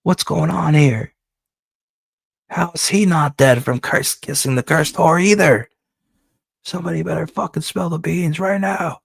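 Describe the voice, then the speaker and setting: A man's voice: on the low side, steady tone, moderate pace, no room sound, close to an everyday voice. A man voicing a cruel, hot-tempered male villain boss from a comic book, snarling profane threats. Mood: furious.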